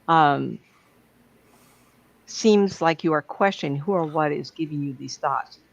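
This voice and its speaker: A woman's voice: low voice, unhurried, vocal fry. A woman speaking as a psychic medium, giving a blunt, plain-spoken talk to an audience. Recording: dull lo-fi sound.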